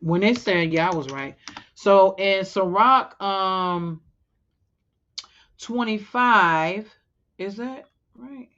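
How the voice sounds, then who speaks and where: A woman's voice: mid-range voice, animated, very slow, long pauses, fairly bright tone, dull audio. A woman giving an informal sermon to the women of her congregation, talking casually and stopping now and then to check a scripture reference. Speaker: women's teacher in a religious congregation.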